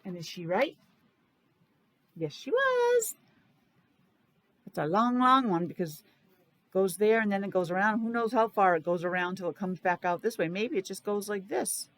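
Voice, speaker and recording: In a dry recording, a woman teacher reads a picture book aloud to little children. She has a Rhode Island accent and a medium-pitched voice, and she slowly sounds out letters and repeats words sing-song style.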